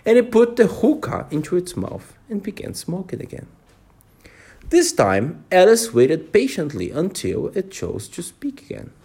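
A man reading a storybook aloud to children, pausing to explain words to them. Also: sits high, wildly swooping pitch, gravelly, mellow, breathy edge.

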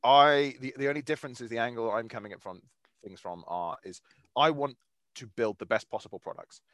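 A man's voice: mid-range voice, a little fast, fairly bright tone, no echo. A man hosting a podcast, speaking in a thoughtful, articulate way with fairly abstract wording. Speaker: podcast host. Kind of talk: casual podcast interview.

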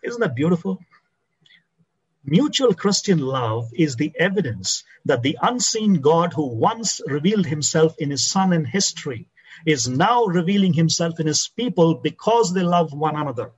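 A pastor, a man with a slightly high, husky voice, delivers a sermon. He slows down and sinks low to press home key phrases. The recording sounds dull and lo-fi. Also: lively intonation.

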